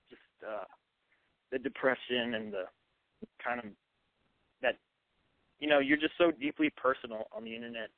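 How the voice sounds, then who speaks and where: A hesitant teenage caller from New Mexico speaks over a tinny phone line. His voice is mid-pitched and dry, and he halts often and fills pauses. He sounds unsure of his words. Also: creaky, dry recording. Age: teens. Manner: hesitant, halting, full of fillers. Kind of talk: phone call to a radio show.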